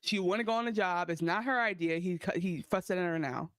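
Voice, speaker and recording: A woman co-hosting a podcast, chatting casually and acting out quotes with lively, profane energy. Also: fairly low pitch, fairly quick, no echo. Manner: animated, profane, acts out quotes. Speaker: podcast co-host. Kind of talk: casual recap chat.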